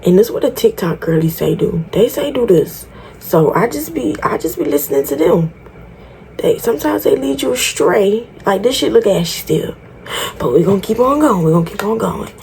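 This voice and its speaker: A woman's voice: mid-range voice, big pitch swings, normal speed, gravelly, darkish tone. A woman vlogging a tutorial in casual chat, talking straight to her viewers, frank, exasperated and swearing freely. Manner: chatty, talks straight to viewers. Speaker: beauty vlogger.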